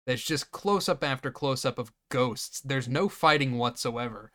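Bright-voiced sarcastic male podcast host. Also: mid-range voice. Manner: sarcastic, swears freely, recaps scenes in quick bursts. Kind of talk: casual movie-riffing chat.

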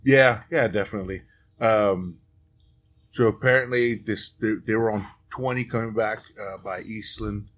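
A man's voice: lowish voice, steady tone, moderate pace, a bit bright. A man hosting a podcast, in a loose, profane, storytelling chat with friends. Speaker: podcast host. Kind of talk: casual chat.

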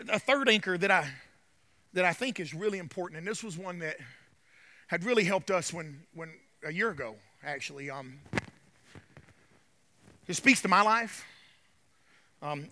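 High, bright-voiced pastor preaching. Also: male voice, normal speed, pauses often. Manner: impassioned preaching that urges the crowd to respond, then drops to quiet confiding. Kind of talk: sermon. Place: church.

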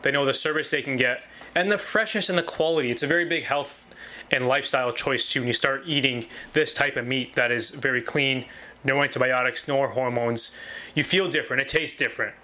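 A man's voice: mid-range voice, brisk, bright, forceful tone. A man who owns a butcher shop talks about his business with enthusiasm, repeating phrases and restarting his sentences often. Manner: enthusiastic, repetitive, many restarts. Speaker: butcher shop owner, guest. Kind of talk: casual interview talk.

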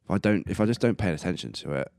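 A man's voice: low voice, animated, racing, gravelly, darkish tone, dry recording, studio quality. A man in his early twenties hosting a solo podcast in casual, rambling talk, laughing at his own jokes and coughing now and then. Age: 20s. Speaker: podcast host. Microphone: close podcast mic.

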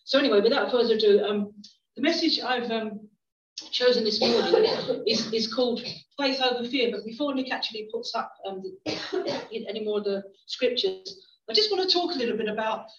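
A woman's voice: on the high side, moderate pace. A middle-aged woman, a visiting preacher telling stories in a church, chatty, with frequent restarts. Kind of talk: storytelling sermon. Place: church hall. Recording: roomy, distant, dull church recording.

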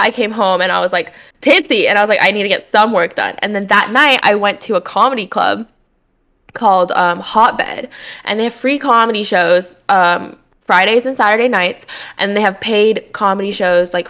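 A woman's voice: mid-range voice, normal speed, bright, forceful tone. A woman in her twenties, a podcast co-host, telling rambling stories in casual chat with lots of filler words.

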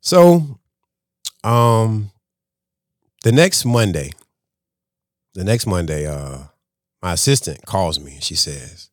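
A man, a restaurant owner and podcast guest, telling a story in a casual, animated way and acting out conversations. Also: fairly low pitch, slow, long pauses, dry recording, clean studio sound.

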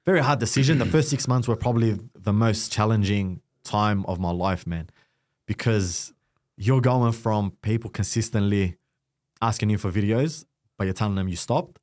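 A man's voice: lowish voice, moderate pace. A young Australian man, a podcast guest, telling his story in casual chat, acting out what others said to him. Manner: animated storytelling with acted-out quotes. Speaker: guest content creator.

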